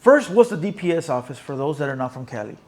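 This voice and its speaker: A man's voice: on the high side, sing-song, fast. A man hosting an interview, asking questions in laid-back slang. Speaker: podcast host. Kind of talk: casual interview.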